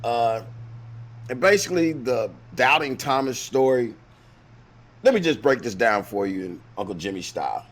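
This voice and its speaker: A man hosting a show, retelling a Bible story as casual comedy with slang, acting out the characters in lively voices. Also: medium pitch, moderate pace. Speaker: host.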